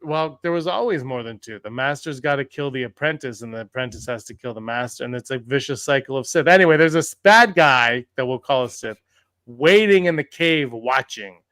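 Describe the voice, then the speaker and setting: A man hosting a casual podcast chat, animated and quick to question his co-hosts. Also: medium pitch, dry recording. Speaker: podcast host.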